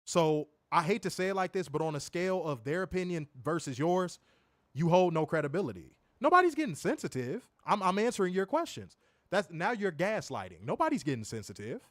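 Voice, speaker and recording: A man co-hosting a wrestling review stream, answering viewer comments in casual, animated chat. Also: sits high, brisk, no room sound, studio quality. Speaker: wrestling show co-host.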